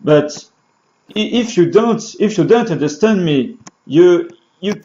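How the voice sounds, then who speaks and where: A man in a beginner lesson talks very slowly, often stalling on fillers and restarting his sentences. His voice sits a little high for a man. The recording is dull and lo-fi. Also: expressive, warm tone. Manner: halting, many fillers and restarts. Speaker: French teacher. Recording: dull lo-fi sound.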